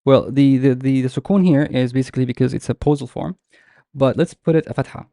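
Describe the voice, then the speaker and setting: Gravelly-voiced man teaching Arabic letters. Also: medium pitch, steady tone, mellow, no room sound, studio quality. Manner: repeats words slowly, explains patiently. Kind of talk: live online language lesson.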